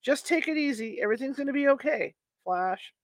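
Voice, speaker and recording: A woman's voice: high voice, expressive, a little fast, no room sound. A woman reading as a worried protective husband. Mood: soothing.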